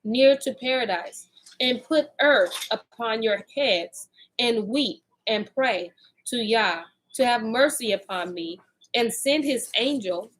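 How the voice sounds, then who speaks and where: A woman's voice: a little high, lively intonation, slow, poor audio. A woman reading the lines of a weary, grieving old man who is dying, in her own voice. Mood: pleading. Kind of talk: reading scripture aloud.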